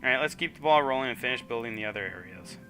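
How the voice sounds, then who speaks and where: A man's voice: mid-range voice, animated, rapid-fire, music in the background. A man streaming a video game, chatting casually and reading on-screen text aloud with frequent fillers. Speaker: gaming streamer.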